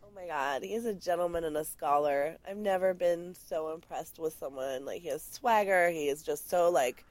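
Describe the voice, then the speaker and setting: A woman's voice: low-pitched, normal speed, hardly any pauses, darkish tone, dry recording. A woman co-hosting a podcast in casual chat, playful and rambling with lots of fillers and laughter. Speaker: podcast co-host.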